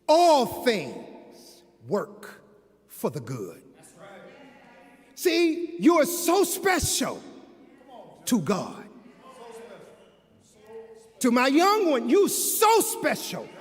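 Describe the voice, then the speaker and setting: A man preaching an impassioned sermon as a minister, building to shouts. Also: very high voice. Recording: long hall reverb.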